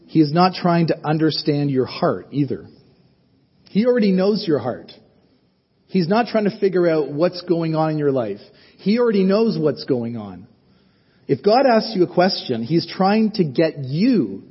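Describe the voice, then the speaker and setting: A male pastor delivers a sermon in an earnest, conversational way, putting rhetorical questions to his listeners. His voice sits a little high and sounds husky. The recording is somewhat muffled and carries a long reverb, as from a large hall.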